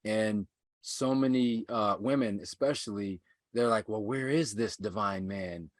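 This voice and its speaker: A man speaking as a podcast guest and coach, measured and earnest, repeating phrases for emphasis. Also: fairly low pitch, dry recording, studio quality. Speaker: guest, men's self-mastery coach. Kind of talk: earnest conversational teaching.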